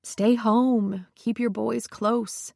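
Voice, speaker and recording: Brief: a gentle, uneasy social worker friend, voiced by a woman reader, quiet and dry. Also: on the high side, fairly even intonation, very slow, gravelly, dry recording, exaggerated voice. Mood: placating. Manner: soft, hedging and placating.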